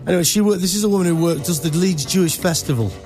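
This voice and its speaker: A man's voice: sits high, racing, a little mellow, faint music behind. A man hosting a radio show in casual chat, telling rambling stories and laughing at his own jokes. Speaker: radio host. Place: radio studio.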